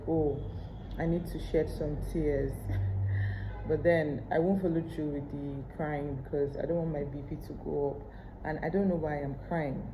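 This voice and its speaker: A woman's voice: low voice, background noise. A pregnant woman with a Nigerian English accent, chatting candidly to her camera at home in a casual vlog. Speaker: vlogger. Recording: roomy echo.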